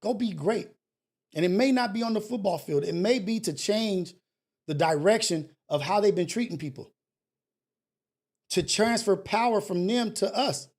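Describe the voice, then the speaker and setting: A man's voice: high-pitched, lively intonation, normal speed. A man hosting a call-in talk show, ranting bluntly and emphatically, with slang and profanity and lots of repetition. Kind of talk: casual motivational talk show rant.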